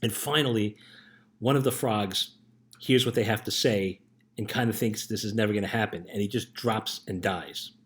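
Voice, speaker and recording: A man's voice: on the low side, moderate pace. A middle-aged man, a youth life coach, telling a story in an earnest casual motivational talk and often checking in with "right?".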